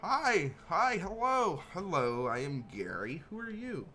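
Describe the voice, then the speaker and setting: A man doing a squeaky, excitable goblin. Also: unhurried, a little hiss or hum, full character voice. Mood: excited. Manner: high, eager, repeats himself. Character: excitable broken-speaking male goblin.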